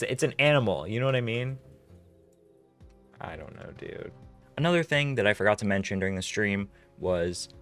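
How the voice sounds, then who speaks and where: A man's voice: lowish voice, fairly bright tone. Sarcastic young man doing commentary. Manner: sarcastic, exasperated, lots of fillers. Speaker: commentary host. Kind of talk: casual commentary.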